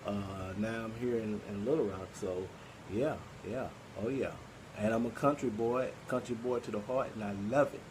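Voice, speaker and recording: A man's voice: on the low side, fairly even intonation, normal speed, background noise. A man with a Southern Arkansas accent hosting a poetry group, talking casually and rambling with many fillers and restarts. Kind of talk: casual live-stream talk.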